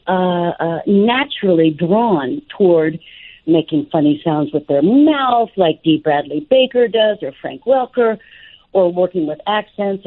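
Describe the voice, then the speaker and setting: Lower-voiced woman telling stories as a guest, lively and playful, tinny phone sound. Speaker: voice actor and dialect coach. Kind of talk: interview guest storytelling. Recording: tinny phone-line audio.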